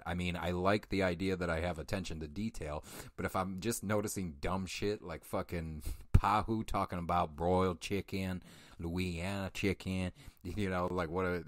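Deep-voiced man rambling through a film review. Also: fairly bright tone, dry recording, clean studio sound. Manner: self-deprecating, profane, chuckling asides. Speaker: podcast host reviewing a film. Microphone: studio microphone.

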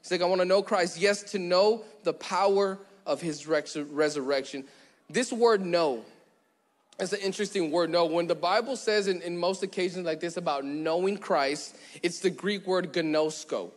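A man preaching as pastor, chatty and joking, who slows down and goes quiet to stress a point. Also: high-pitched. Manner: conversational, joking, acts out little scenes; slows down and drops quiet for emphasis. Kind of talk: sermon. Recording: long church hall reverb.

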